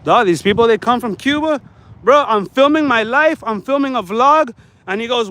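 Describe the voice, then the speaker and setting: A man's voice: extremely high pitch, expressive, normal speed, bright, forceful tone, rough recording. A man walking his neighborhood outdoors, talking casually and ranting with plenty of profanity in the heat. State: sweating in the heat. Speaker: vlogger.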